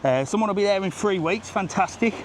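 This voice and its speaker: A man's voice: sits high, animated, fairly quick, slight background noise. A middle-aged man with a jokey, ranting manner, vlogging live while walking an outdoor seafront, talking into a handheld phone and a little out of breath. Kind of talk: live walking vlog chat. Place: outdoors on a sunny seafront street. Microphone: phone held while walking.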